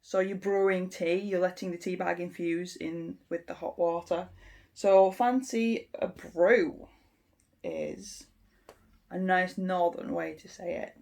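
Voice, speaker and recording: Woman, language teacher, slow unhurried delivery, gravelly creak, explanatory, casual lesson. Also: on the low side. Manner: unhurried and explanatory, with frequent ums. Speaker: English teacher.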